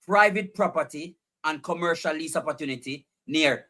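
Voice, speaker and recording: Hosting a live stream, this Jamaican-accented man has a voice on the high side and speaks a little slowly. He addresses his chat viewers directly, animated and repeating himself as he goes.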